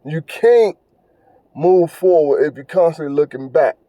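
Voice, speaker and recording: Talking by himself on his podcast, a man with a fairly high, expressive voice keeps a measured pace. He is casual, earnest, and preachy, repeating phrases and stumbling on fillers. The recording sounds dry and dull.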